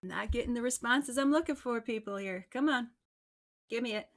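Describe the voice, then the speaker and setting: A woman's voice: a little high, normal speed. Bubbly chatty woman hosting a livestream. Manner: bubbly, chatty, laughs often. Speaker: host. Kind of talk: casual livestream chat.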